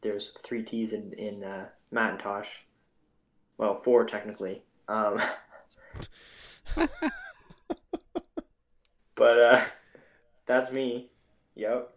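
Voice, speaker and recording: A man with a lowish voice co-hosts a casual podcast, tossing out wry jokes. His voice carries a noticeable room echo, set back from the dry close voices around him. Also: level tone, drawn-out words, pauses often. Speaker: podcast co-host.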